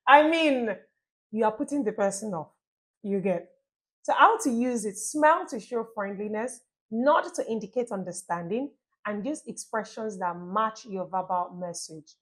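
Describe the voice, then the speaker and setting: A woman giving relationship tips in a casual vlog, chatty and lively, often checking in with the listener. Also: mid-range voice, moderate pace. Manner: chatty, asks listeners "you get my point?"; acts out little scenes with playful quoted voices. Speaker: relationship advice vlogger.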